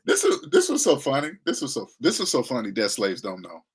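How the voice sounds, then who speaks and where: A man's voice: medium pitch, wildly swooping pitch, a little fast, a little hiss or hum. A man giving a blunt, slangy money lecture in a casual monologue. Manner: blunt, lecturing, slangy, mocking voices he imitates. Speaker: finance commentator.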